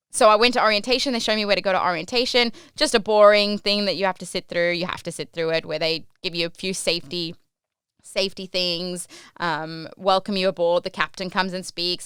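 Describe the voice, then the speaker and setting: A woman's voice: lowish voice, sharp tone, clear, resonant tone, dry recording, clean studio sound. A young woman from South Africa telling a casual vlog story about her work as a cruise ship entertainer, chatty and full of "like" fillers.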